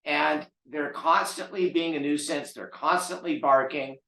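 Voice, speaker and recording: A man's voice: a little high, fairly even intonation, measured pace, a bit bright. A man who trains dogs, talking bluntly and emphatically as he lectures viewers. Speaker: dog trainer. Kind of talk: casual talk to camera. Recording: roomy echo.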